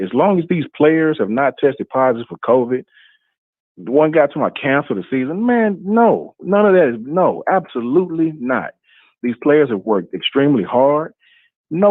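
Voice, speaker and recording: A man's voice: mid-range voice, dry recording. A man calling in to a sports talk show, emphatic and insistent, repeating his points. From Huntsville area. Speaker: caller. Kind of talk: call-in radio talk. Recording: tinny phone line.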